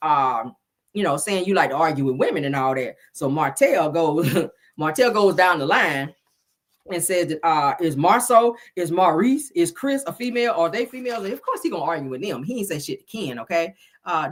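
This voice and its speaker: A middle-aged woman with a deep voice, fairly bright tone and breathy edge casually recaps a reality show, sassy and chatty, sounding a bit congested from a cold. As a reality TV review host, she says "child" and "y'all" a lot.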